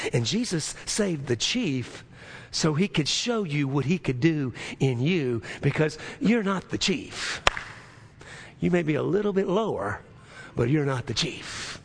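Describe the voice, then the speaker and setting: A man's voice: on the high side, big pitch swings, unhurried, creaky, husky. A man preaching a sermon as pastor, emphatic and full of rhetorical questions to his congregation.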